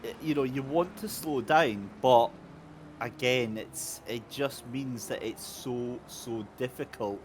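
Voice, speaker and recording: A man commentating a sim race, excitable and jokey as he banters with his co-host. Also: medium pitch, slow pace, a little hiss or hum.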